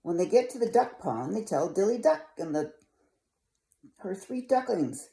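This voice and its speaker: A woman's voice: medium pitch, sing-song, a little slow, creaky, dark tone. An older woman reading a picture book aloud to children, coaxing and asking the listener questions. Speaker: storyteller.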